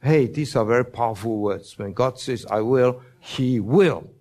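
A man's voice: medium pitch, darkish tone. A man with preaching a Bible lesson, stressing each promise and quizzing his listeners. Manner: slow, deliberate, emphatic on quoted promises, asks the listeners questions. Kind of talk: Bible teaching sermon.

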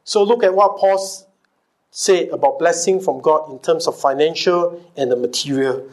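A man's voice: a little high, moderate pace. A man preaching a sermon, firing off rhetorical questions, calling back to the congregation and repeating key phrases for emphasis. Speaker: pastor.

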